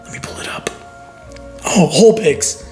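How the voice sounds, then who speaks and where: A man co-hosting a podcast in casual chat, joking and rambling with plenty of swearing, his voice hoarse and half gone. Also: moderate pace, darkish tone, whispered, faint music behind. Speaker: podcast co-host.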